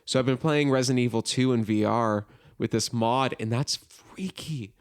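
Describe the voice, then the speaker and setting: A man hosting a podcast in casual chat, telling lively stories with plenty of filler words. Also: medium pitch, fairly quick, smooth. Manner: animated storyteller, lots of filler "like". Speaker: podcast host.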